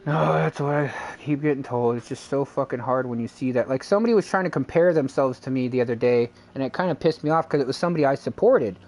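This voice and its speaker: A man's voice: mid-range voice, quick pace, hardly any pauses, darkish tone. A male game streamer talks casually to his viewers. He rambles through a long retold exchange, acting out both sides with "and I was like". He swears freely and loosely. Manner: rambling, retells a dispute with lots of quoted back-and-forth. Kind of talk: casual live-stream chat.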